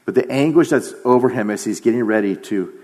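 A man's voice: medium pitch, fairly quick, a little mellow. A man preaching a sermon, emphatic, dropping to a near-whisper on key phrases.

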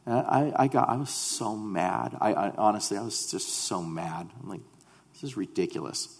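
A man with a very low voice recounts a testimony with earnest, animated feeling. He halts and repeats words as he goes. His voice rings with the long reverb of a large hall. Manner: halting, repeats words when starting sentences. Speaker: speaker sharing a mission testimony. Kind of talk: personal testimony to a congregation.

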